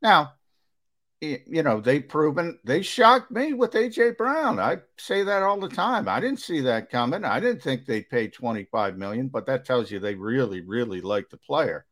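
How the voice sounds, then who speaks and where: Lively-pitched man explaining on sports radio. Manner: measured, explanatory, with fillers and restarts, lively pitch. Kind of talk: sports talk radio analysis.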